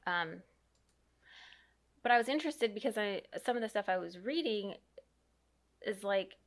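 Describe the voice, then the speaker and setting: Woman, 30s-40s, mom co-host, rambling casual podcast talk, mid pitch. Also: expressive, normal speed. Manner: chatty and rambling, reads aloud from an article.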